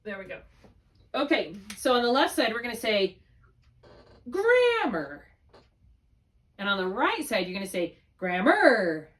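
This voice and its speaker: A woman's voice: medium pitch, expressive, brisk, fairly bright tone. A middle-aged woman tutoring a student in spelling, patient and encouraging, drawing out syllables to model them. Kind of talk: one-on-one spelling lesson.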